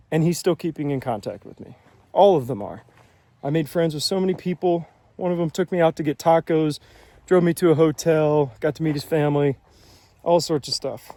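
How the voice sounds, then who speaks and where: A young man in his twenties, from the United States, tells a travel story straight to the camera in a casual, animated way. His voice sits a bit higher than most men's but sounds mellow and dark rather than bright. He acts out what others said without really changing his voice, and drops in wry jokes about himself. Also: normal speed. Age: 20s. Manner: animated, quoting people in his own voice, self-deprecating asides. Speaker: vlogger.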